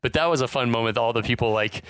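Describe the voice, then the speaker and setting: A man's voice: medium pitch, fast, fairly bright tone, clear, resonant tone, no room sound, clean studio sound. A man co-hosting a podcast, casually retelling movie scenes and quoting lines with easy laughs. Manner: laid-back, retells scenes with quoted lines, laughs often. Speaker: podcast co-host. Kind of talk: casual movie recap chat.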